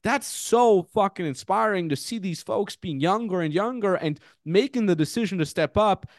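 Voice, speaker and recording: A man in his thirties hosting a podcast, telling stories in an animated, swear-heavy, casual way. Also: high voice, normal speed, dry recording, studio quality. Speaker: podcast host.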